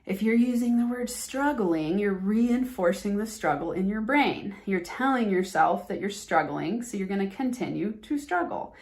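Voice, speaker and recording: A woman's voice: mid-range voice, animated, normal speed, hardly any pauses, darkish tone. A woman hosting a motivational business podcast, talking earnestly and with emphasis, and acting out the phrases she wants listeners to drop. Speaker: podcast host and business coach.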